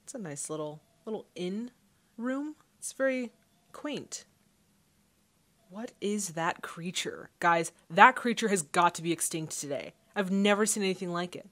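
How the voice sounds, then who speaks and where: A woman's voice: on the low side, expressive, measured pace, fairly bright tone. A woman hosting a casual movie reaction, chatting and thinking aloud as the film plays.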